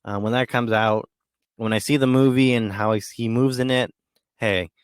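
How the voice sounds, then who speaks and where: A man's voice: medium pitch, fairly even intonation, moderate pace, clean tone, dry recording, studio quality. A man hosting a podcast alone, talking casually in a rambling way with many fillers and restarts. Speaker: podcast host. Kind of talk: casual solo monologue.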